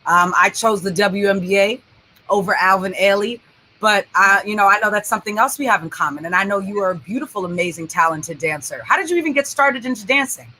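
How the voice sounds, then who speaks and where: A woman's voice: medium pitch, fairly quick, sharp tone, a little hiss or hum. A woman hosting a casual interview, chatty and encouraging with her guest. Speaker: host.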